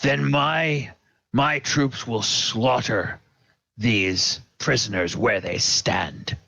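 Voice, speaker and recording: A man's voice: mid-range voice, drawn-out words, vocal fry, pushed and bright, no room sound, full character voice. A man voicing a menacing dragonborn warlord who sneers his threats and sometimes drops to a hissed whisper. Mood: threatening.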